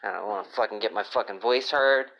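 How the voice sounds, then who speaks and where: A man's voice: on the low side, fast, creaky. A man doing a crude, rambling comedic podcast monologue, swearing constantly and sounding moody. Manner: profane, moody, rambling rants. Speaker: podcast host. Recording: dull lo-fi phone app recording.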